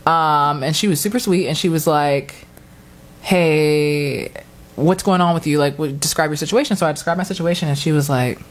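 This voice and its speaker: A woman with a low, deep-set voice chats casually, telling a personal story. She acts out what others said along the way. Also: fast talker, hardly any pauses. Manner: animated storyteller, acts out quotes with high squeals and laughs. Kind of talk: casual chat.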